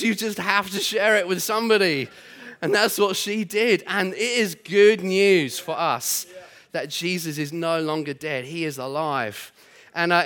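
A pastor preaches in church, his voice bright and a touch high for a man. He tells stories warmly and slips into lively voices for the people he quotes. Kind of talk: sermon. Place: church hall.

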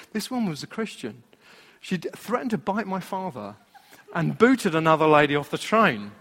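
A man preaching as a pastor, telling a personal story in an animated way. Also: a little high, moderate pace, pauses often. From Britain. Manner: storytelling, animated, laughing at his own anecdote. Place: church hall. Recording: long hall reverb.

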